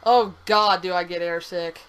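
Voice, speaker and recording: A woman's voice: fairly low pitch, steady tone, moderate pace, fairly bright tone, clear, resonant tone, rough recording. A woman co-hosting a game stream, chatting casually with her partner and swearing now and then. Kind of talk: casual gameplay chat.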